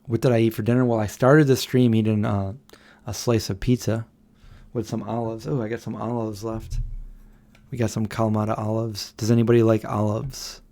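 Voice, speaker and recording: A man's voice: fairly low pitch, flat delivery, moderate pace, dark tone. A man in his thirties hosting a casual late-night livestream at home, chatting loosely and reading out viewer comments. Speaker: livestream host.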